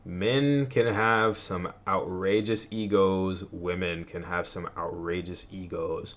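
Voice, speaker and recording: Deep-voiced male vlog host. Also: slow, a little hiss or hum. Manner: relaxed, conversational, opinionated. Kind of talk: casual commentary.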